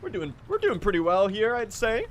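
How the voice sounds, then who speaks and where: A man's voice: high-pitched, big pitch swings, normal speed, creaky, a little hiss or hum. A young man doing live, joking gameplay commentary as a speedrun streamer. He chats to his viewers and swears casually.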